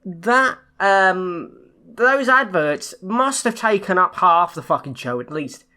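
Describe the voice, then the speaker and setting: A woman's voice: on the low side, lively intonation, takes it slowly, pushed and bright. A young woman co-hosting a casual podcast chat, ranting in exasperation and swearing often. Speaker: podcast co-host.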